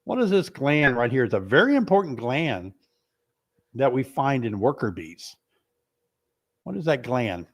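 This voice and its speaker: This beekeeping host is a middle-aged man with a mid-range voice who speaks at a measured pace and pauses often. Sick, he coughs and runs short of breath, yet he keeps the casual live stream playful and teasing, full of animated exclamations.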